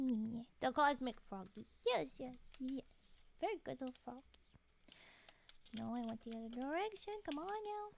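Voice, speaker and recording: A woman live-streaming and chatting casually with her viewers, playfully teasing, talking softly, often murmuring or whispering, and sleepy. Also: high voice, no echo. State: sleepy, yawning. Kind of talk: casual live-stream chat while folding origami.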